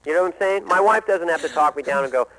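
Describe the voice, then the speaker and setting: An actor playing a flustered, defensive comedian on a collect phone call, rambling and slipping into impressions. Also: male voice, a little high, fast talker, gravelly, bright, forceful tone. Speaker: celebrity guest caller. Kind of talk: scripted comic phone call.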